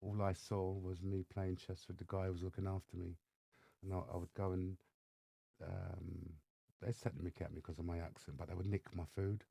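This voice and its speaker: Deep gravelly English man telling stories. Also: moderate pace, no echo. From England. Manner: animated storyteller acting out dialogue. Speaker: podcast guest. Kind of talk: storytelling interview. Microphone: studio microphone.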